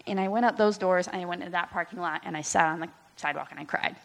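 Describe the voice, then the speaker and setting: A young woman in her twenties giving a candid personal testimony in church, talking with many fillers and pauses. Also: on the low side, vocal fry, a bit bright. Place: church hall. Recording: long hall reverb.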